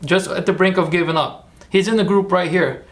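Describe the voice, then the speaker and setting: Gravelly, chatty livestream host man. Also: sits high, fairly even intonation, brisk. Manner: chatty, rambling, encouraging. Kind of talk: casual livestream chat.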